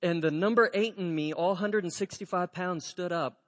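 A man's voice: high-pitched, moderate pace. A man preaching a storytelling sermon as pastor, acting out the dialogue in his story. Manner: animated storyteller, acts out dialogue. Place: church sanctuary. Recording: reverberant church hall.

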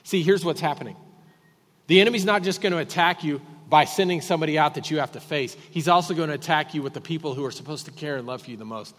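A man preaching a sermon as pastor, emphatic and repetitive, swinging between loud and quiet. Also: on the high side, quick pace, big-room sound. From Texas.

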